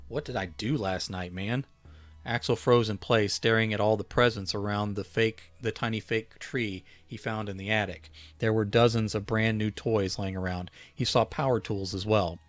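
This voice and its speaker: Author reading his holiday story; low voice, dry close sound, unhurried with small restarts. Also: no echo. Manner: relaxed reading with small self-corrections.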